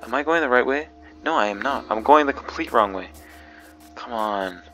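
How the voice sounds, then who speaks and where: A man's voice: mid-range voice, expressive, moderate pace, sharp tone, faint music behind. A man giving spooked gameplay commentary, jumpy and nervous, often repeating himself. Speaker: gaming video creator. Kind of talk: horror game commentary.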